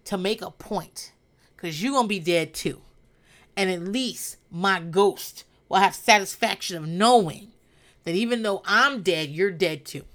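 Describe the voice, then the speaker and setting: A woman's voice: mid-range voice, sharp tone. A woman hosting a casual podcast recap, talking bluntly with lots of swearing and laughter. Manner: blunt and profane, with frequent laughter. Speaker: podcast host. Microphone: podcast microphone.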